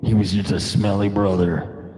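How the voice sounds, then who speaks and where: A man putting on the voice of a gravelly old male rock singer, growling in a drawn-out sing-song chant. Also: low-pitched, flat delivery, mellow, long reverb tail, voice pushed down, lightly acted. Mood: growling swagger. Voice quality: gravelly, husky.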